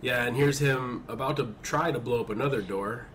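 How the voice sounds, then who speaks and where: A man's voice: medium pitch, normal speed, a bit bright, a little hiss or hum. A man with a cold and a nasal-sounding voice, joking around while co-commentating a shooter match. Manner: joking, teasing banter. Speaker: gameplay co-commentator. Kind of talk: casual gaming commentary.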